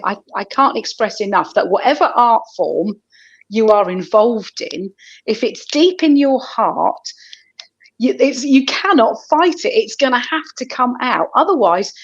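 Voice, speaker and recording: A woman's voice: fairly high pitch, expressive, a little slow, lo-fi sound. A woman comedian, talking earnestly and reflectively in a casual interview, often restarting her sentences. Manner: earnest, faith-minded, with frequent restarts. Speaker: comedian guest.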